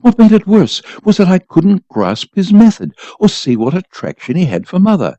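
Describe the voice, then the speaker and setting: A man's voice: sits high, big pitch swings, moderate pace, warm tone, no room sound, highs cut off. A man reading a short story aloud for a volunteer radio program, telling it expressively.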